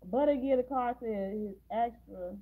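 Lady doing a casual movie recap, sarcastic asides, kinda husky, sounds like a phone line. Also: on the high side, measured pace. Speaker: movie reaction host.

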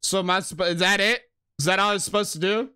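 A man's voice: sits high, quick pace, pushed and bright, clear, resonant tone. A man streaming a game live, giving casual, profane, slangy commentary and laughing often.

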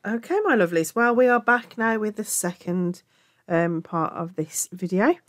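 With a Black Country accent from England, a crochet tutor chats her way affectionately through a tutorial and regularly corrects herself. She speaks at a normal speed and medium pitch, captured in a dry, clean studio recording.

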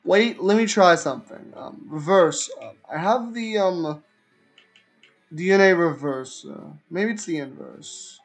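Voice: mid-range voice, expressive, a little slow. A VTuber streamer giving casual gameplay commentary, playfully mocking opponents, with faint game music behind.

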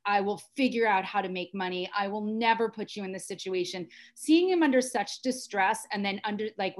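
A middle-aged American woman telling her personal story as a podcast guest, earnest and intense. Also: mid-range voice. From United States. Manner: earnest and intense, with frequent restarts.

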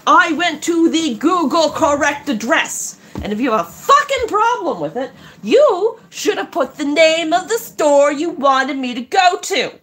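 A woman's voice: sits high, sing-song, unhurried, few pauses, a bit bright. A woman ranting angrily and with a lot of swearing about a job mix-up, talking casually while she works. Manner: angry, profane ranting. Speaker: craft vlogger. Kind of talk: casual rant while working.

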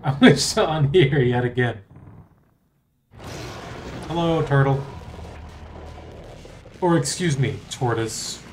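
A man's voice: medium pitch, lively intonation, takes it slowly, pauses often, a little hiss or hum. A man streaming a video game, joking crudely and talking to the game and his chat in casual commentary.

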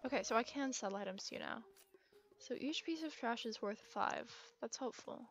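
A woman's voice: fairly high pitch, animated, moderate pace. Chatty young woman commenting on gameplay. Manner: chatty, upbeat, self-talking. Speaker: gaming video creator. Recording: muffled, with game music.

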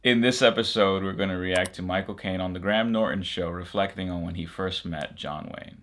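A man's voice: low voice, brisk. A man from the United States hosting a casual reaction video, thinking aloud. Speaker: YouTube reaction host.

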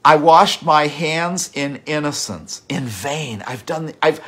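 A man's voice: fairly high pitch, slow pace, hardly any pauses. Impassioned man preaching a sermon. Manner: impassioned, with repeated words and sudden drops to a hush. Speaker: pastor.

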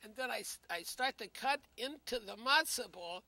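A man in his eighties telling a funny anecdote in a casual way, animated and laughing as he goes. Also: very high voice, moderate pace. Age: 80s. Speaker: comedian and entertainer.

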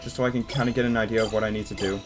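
A young man doing casual let's-play commentary, excitable and jumpy, talking to his viewers as he plays. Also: lowish voice, racing, over music. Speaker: gaming YouTuber.

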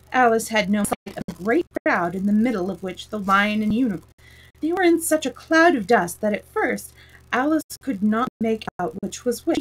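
A woman storyteller reading a children's story aloud in steady, plain narration. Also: medium pitch, breathy edge, far from the mic, poor audio.

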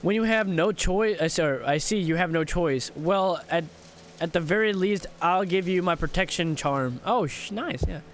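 A man's voice: sits high, moderate pace, a little hiss or hum. A young man playing a horror game, commentating with crude jokes and jumpy reactions. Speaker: gaming streamer.

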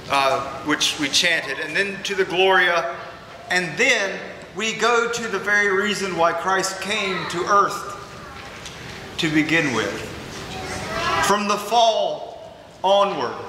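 High-voiced pastor preaching in an echoey church. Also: male voice. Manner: earnest, emphatic preaching with repetitions. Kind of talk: sermon. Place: large church sanctuary. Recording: echoey church hall with background noise.

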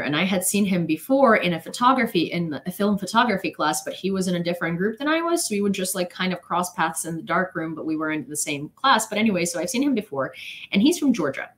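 A woman's voice: lowish voice, expressive, fast. A young woman streamer telling a long casual story to her chat, rambling with many "like"s and restarts and laughing often.

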